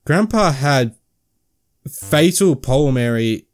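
In a mid-range voice with lively intonation, a young gamer talks slowly through a let's play, voicing the game's inner thoughts in fragmented grammar while cracking jokes and casually cursing.

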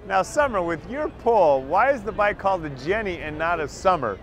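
A man's voice: high-pitched, lively intonation, normal speed, muffled recording, a little hiss or hum. A man hosting a TV talk show outdoors in the city, an enthusiastic and friendly interviewer. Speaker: host.

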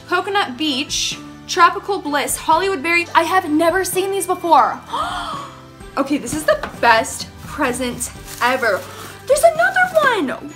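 Gushing high bright young woman. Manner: gushing, gasping, easily thrilled. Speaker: beauty vlogger. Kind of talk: excited casual vlog talk.

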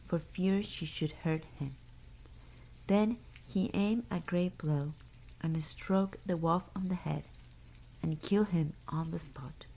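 Soft-voiced woman reading a bedtime story. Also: on the low side, a little hiss or hum, poor audio. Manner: soft, hushed, unhurried.

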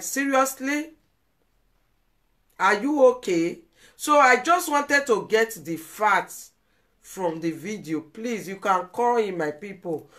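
Female vlogger with a Nigerian accent, slow and emotional, pleads and repeats lines on live video. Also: medium pitch, fairly bright tone.

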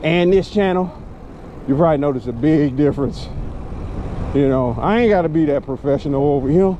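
Riding an e-bike outside, this moto vlogger jokes about himself in loose slang. He speaks briskly in a warm, high-leaning voice. Music runs beneath the outdoor audio, which has its highs cut off and carries a little hiss or hum.

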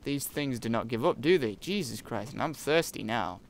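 Young male gamer, gravelly voice, jumpy and jokey, swears a lot. Faint background hiss. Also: mid-range voice, lively intonation, normal speed. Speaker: gaming YouTuber. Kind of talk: let's-play commentary.

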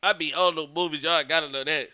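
A man streaming live, chatting casually and excitedly, shouting out his viewers in heavy slang. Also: fairly high pitch, quick pace, clear, resonant tone.

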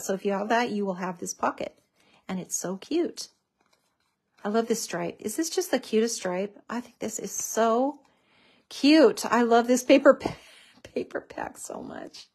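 Craft tutorial host, woman, higher-pitched, chatty and gushing, casual demo delivery. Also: husky. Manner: chatty and gushing, says "so cute" often.

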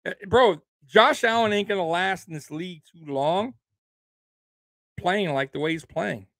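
A man's voice: sits high, unhurried, gravelly, fairly bright tone, dry recording, studio quality. A man hosting a sports show, delivering a heated, profane rant that keeps repeating its points for emphasis.

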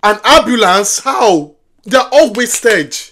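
Female reactor watching a film for the first time, animated voice, shouts and talks back at the screen. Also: fairly high pitch, slow pace. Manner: exclaims and yells at the characters on screen. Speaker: movie reaction host.

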